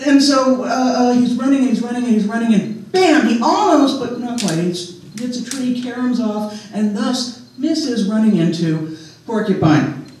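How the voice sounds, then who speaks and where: Chatty storyteller man, high mellow voice. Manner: casual, joking asides, chatty. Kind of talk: live folk-tale storytelling to an audience. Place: large hall with a live audience. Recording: echoey hall, voice from far off.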